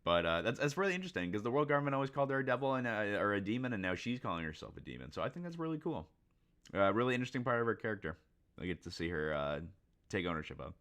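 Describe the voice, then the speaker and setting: Man, live comic reaction, excitable, frequent laughs, fillers, low voice, swooping pitch. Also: racing. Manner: excitable, laughs often, many fillers and restarts. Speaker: manga reaction host. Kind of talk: casual live reaction, reading aloud.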